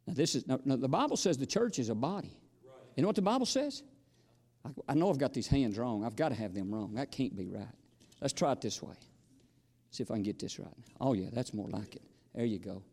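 A man's voice: medium pitch, animated, brisk, a little mellow, breathy edge, long reverb tail. A man preaching a sermon, folksy and storytelling, sometimes exclamatory and sometimes chatty. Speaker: visiting preacher.

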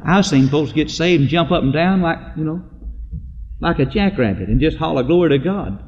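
A man delivers a sermon full of folksy stories, acting out the voices of the characters in them. His voice is on the high side, animated and a little mellow at a moderate pace, captured as a dull lo-fi recording in a reverberant hall with slight background noise.

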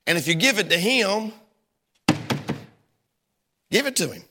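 A male pastor preaching a sermon, swinging his voice widely and breaking into sudden shouts. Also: high voice, sing-song, unhurried, background noise. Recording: long hall reverb.

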